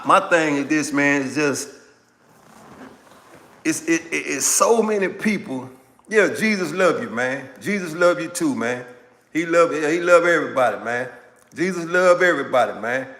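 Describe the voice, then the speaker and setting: A man hosts a live stream and reacts to viewer comments in a loose, animated way, often repeating himself for emphasis. He speaks slowly in a bright, slightly raised voice. The room carries a long reverb. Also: a little high. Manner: animated, repetitive, talks back to viewers. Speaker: livestream host. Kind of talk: casual political commentary reading chat.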